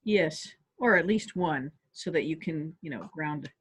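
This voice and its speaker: A woman calmly guiding listeners step by step through a stress relief tapping exercise on a video call. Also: deep voice, a little slow, husky. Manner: calm step-by-step coaching. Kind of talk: guided tapping exercise instruction. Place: home office on a webinar.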